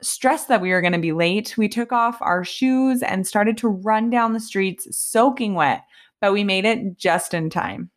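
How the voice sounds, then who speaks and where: Young woman from Canada, casual chat, animated storyteller, relaxed everyday conversation. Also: medium pitch, a little slow. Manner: animated storytelling with lots of "like" and "basically". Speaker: co-host recounting travels.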